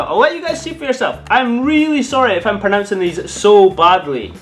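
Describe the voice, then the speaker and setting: A man's voice: high-pitched, a little fast, faint music behind. A man from Scotland vlogging a casual taste-test review, chatty and thinking aloud while he eats. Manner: chatty and animated, muses aloud while eating.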